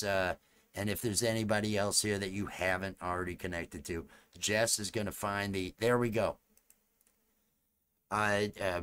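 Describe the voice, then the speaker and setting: A man's voice: deep voice, fairly bright tone. A man chatting casually with viewers during a live stream. He rambles and repeats his phrases as he works, and he.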